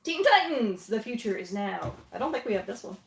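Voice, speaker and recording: A woman hosting a casual unboxing livestream at home, upbeat and quick to laugh. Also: medium pitch, sing-song, vocal fry. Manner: giggly, upbeat. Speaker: livestream host. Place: home basement. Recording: echoey room.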